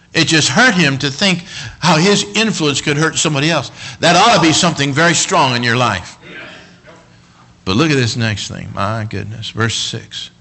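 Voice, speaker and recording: Male preacher, bright, forceful delivery, soft asides break into shouts, repeats himself. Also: on the high side, lively intonation, brisk, low-quality recording. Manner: swings from quiet talk to shouted emphasis; stumbles and repeats words. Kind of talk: sermon.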